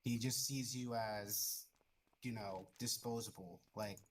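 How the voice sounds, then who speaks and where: A man's voice: fairly low pitch, steady tone, slow, slight background noise. A man talking as a guest in a casual voice-call chat, laid-back and profane, using lots of slang. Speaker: guild member guest.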